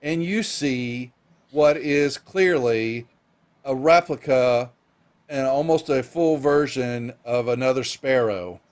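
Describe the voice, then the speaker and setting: A man's voice: mid-range voice, darkish tone. A man running a tabletop role-playing game as dungeon master, narrating with many fillers and restarts. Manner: halting, filler-heavy narration.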